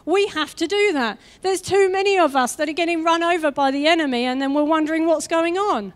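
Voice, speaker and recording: A young adult woman, appearing as a guest preacher, delivers an energetic, conversational sermon with quick asides, acting out the voices of the people she quotes. Her voice is very high.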